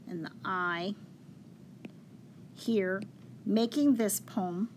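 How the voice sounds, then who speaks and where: Woman teacher, slow and patient, step-by-step poetry lesson, faint room hum behind. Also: medium pitch. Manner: patient, explains step by step, counts syllables aloud slowly.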